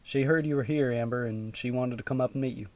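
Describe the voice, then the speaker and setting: A man voicing an easygoing small-town sheriff in an audiobook, speaking in a folksy, relaxed way. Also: medium pitch, fast talker, no echo, close to an everyday voice.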